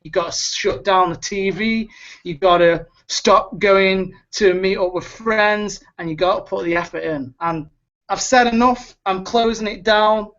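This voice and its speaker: A man's voice: sits high, unhurried, a bit bright, highs cut off. A man hosting a webinar, giving an urgent motivational pep talk and repeating words as he pleads with listeners over a video call. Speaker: webinar host.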